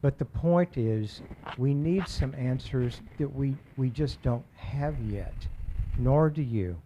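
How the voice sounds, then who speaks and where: A man speaks to the mayor and council during public comment, earnest and measured, often restarting mid-phrase. His voice is mellow and warm, at a middle pitch. A faint room hum sits behind him. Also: expressive, dull audio. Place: council chamber.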